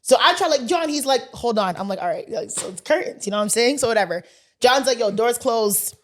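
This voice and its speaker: Animated young woman telling a story. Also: a little high, a little fast, slight background noise. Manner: animated, acts out quotes, laughs often. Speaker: podcast co-host. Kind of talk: casual storytelling chat.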